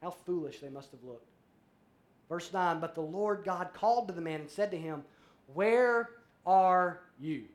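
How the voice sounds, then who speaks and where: Man, pastor, sermon, high voice, lively, acts out dialogue. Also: normal speed. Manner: animated, acts out voices in a story, shifts between loud and soft.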